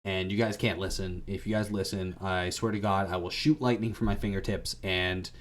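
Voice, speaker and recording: A man's voice: steady tone, normal speed, slight background noise, natural voice. A man voicing a casual, laid-back male Jesus with slangy bro-speak in comedic storytelling. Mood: nonchalant. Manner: nonchalant, low-key, slangy.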